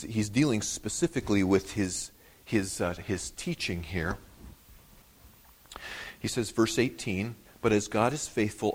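A man preaching an expository sermon, acting out the quoted words with sudden rises in pitch and loudness, and sometimes repeating words as he explains. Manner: animated preaching, rising sharply on quoted words. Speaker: pastor.

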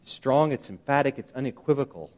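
A man preaching a sermon, emphatic and animated, often asking his listeners rhetorical questions. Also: mid-range voice, fairly quick. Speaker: pastor.

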